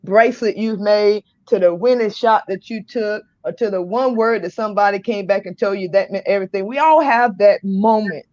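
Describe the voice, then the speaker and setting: A woman hosting a casual livestream on a computer, exuberant, shouting and laughing as she reads viewer comments. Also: mid-range voice, normal speed, few pauses, no echo, lo-fi sound. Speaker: livestream host. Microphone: computer mic on a live video call.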